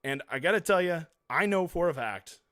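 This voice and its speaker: A man's voice: on the high side, expressive, normal speed, no room sound, studio quality. A man live-streaming fantasy golf picks, talking casually and rambling with self-deprecating asides. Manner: rambling, self-deprecating, swings loud and quiet.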